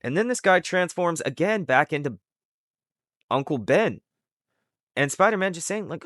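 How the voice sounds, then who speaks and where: A man's voice: on the high side, animated, moderate pace, pauses often, a bit bright, no room sound, studio quality. A man casually retelling a comic book's plot in a loose, rambling way full of fillers. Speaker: comic recap host. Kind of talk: casual comic book recap.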